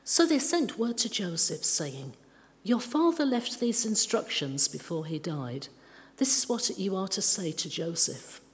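A woman reading a Bible passage aloud in a calm, careful way during a church service. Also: mid-range voice, unhurried. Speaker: scripture reader. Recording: long reverb of a large church.

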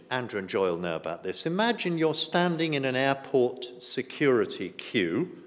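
Male preacher, animated delivery, chatty, quizzes the congregation, church echo. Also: mid-range voice. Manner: conversational, asks the congregation questions. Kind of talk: sermon.

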